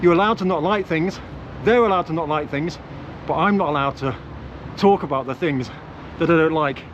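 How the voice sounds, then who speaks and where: A man's voice: fairly high pitch, moderate pace, dull audio, a little hiss or hum. A man vlogging casually, acting out both sides of conversations as he talks. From not Russia. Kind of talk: casual vlog monologue.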